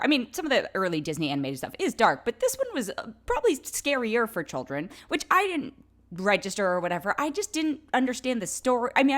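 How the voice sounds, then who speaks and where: Woman, mid-pitch, very animated delivery, sarcastic and exasperated film critic, casual. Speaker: film reviewer. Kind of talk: casual opinionated review.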